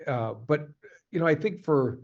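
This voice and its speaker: A voice actor being interviewed, talking in a halting, animated way in casual chat. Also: male voice, a little high. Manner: animated, halting, jumps to quick voice demos. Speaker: voice actor guest. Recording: slightly muffled, lo-fi sound.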